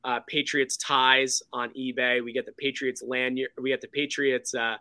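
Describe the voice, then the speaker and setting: A man telling a story in an excited, casual way, with many fillers. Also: medium pitch, moderate pace, no room sound. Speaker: podcast guest.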